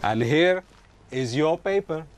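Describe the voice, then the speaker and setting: An actor playing a polite, cheerful shopkeeper with an Indian accent. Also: male voice, on the high side, animated, takes it slowly.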